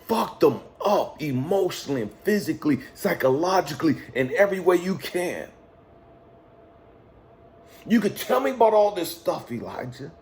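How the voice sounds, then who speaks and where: A man's voice: fairly high pitch, big pitch swings, moderate pace, darkish tone, slight background noise. A man voicing a stern male God who questions him, probing and mocking at first, then scolding and swearing. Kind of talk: retold dialogue in a motivational monologue.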